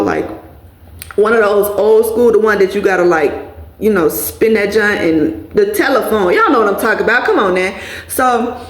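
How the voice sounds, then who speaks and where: A woman's voice: lowish voice, reverberant, poor audio. A woman telling a personal story to her viewers in a candid, blunt way, swearing freely and calling them y'all. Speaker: vlogger.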